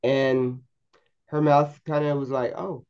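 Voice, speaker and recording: A man telling a story as a podcast guest, in a halting way with many repeated words and restarts. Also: mid-range voice, warm tone, dull audio. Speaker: podcast guest, paranormal investigator. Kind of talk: storytelling anecdote in a podcast interview.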